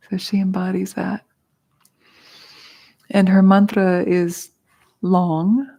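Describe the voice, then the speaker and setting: A woman's voice: mid-range voice, flat delivery, slow pace, creaky, pauses often, mellow. A middle-aged woman leading a mantra class, explaining with casual humor and easy laughter. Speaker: meditation teacher. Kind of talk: guided mantra teaching. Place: studio.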